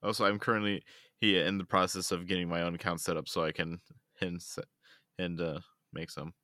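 A man's voice: low-pitched, little pitch movement, fairly quick, sharp tone, dry recording, clean studio sound. A man who is a guest on a podcast, rambling and joking in casual chat with frequent giggles.

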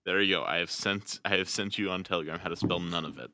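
A man with a very low voice and a strikingly bright, forceful tone, chatting casually as a podcast co-host. He is playful, laughs often and trips over his words now and then. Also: fast, a little hiss or hum. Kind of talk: casual chat.

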